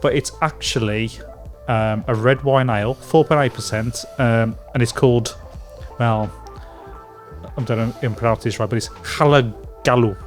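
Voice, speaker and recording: A man from England co-hosting a casual beer podcast, talking in halting stops and restarts. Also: medium pitch, fairly even intonation, faint music behind. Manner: rambling, halting with many restarts and fillers. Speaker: podcast co-host. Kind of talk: casual chat.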